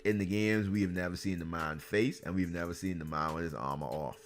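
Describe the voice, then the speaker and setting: Deep-voiced man ranting sarcastically. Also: brisk, faint music behind. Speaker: video game show reviewer. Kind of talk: ranting video review.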